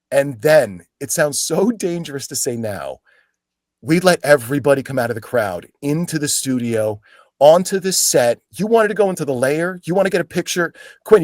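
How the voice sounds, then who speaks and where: A middle-aged man, a guest actor, spins stories in an animated, playful way, slipping into other people's voices. His pitch sits a little high and swings widely. The sound is dry and close, with no room in it. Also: no room sound. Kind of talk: casual anecdotal storytelling.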